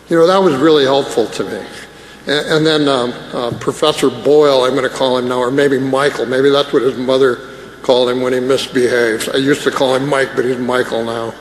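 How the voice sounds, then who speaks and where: A scientist gives an emotional, self-deprecating conference talk full of jokes in a large conference hall. His mid-range voice is brisk with fairly even intonation, and the recording is echoey with faint noise.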